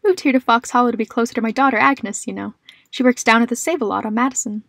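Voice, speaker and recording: A woman's voice: on the high side, fast talker, vocal fry, a bit bright, dry recording. A frail, doting old woman with a thin, raised voice, chatting sweetly and fondly, as a woman narrator puts her on. The voice is dry and close, with no room around it. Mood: chatty.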